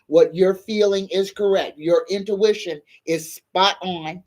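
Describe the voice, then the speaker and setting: Slow, prayerful woman tarot reader. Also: lowish voice, fairly even intonation, darkish tone. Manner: slow, prayerful invocations and spoken-aloud questions. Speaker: psychic tarot reader hosting a live stream. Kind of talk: livestream tarot reading with guided prayer.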